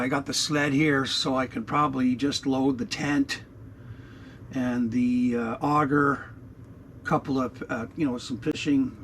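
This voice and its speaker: A man in his sixties rambles bluntly and profanely through an unscripted vlog inside his RV, full of fillers and recorded on an action camera. His medium-pitched voice has vocal fry, with a little hiss or hum on the recording.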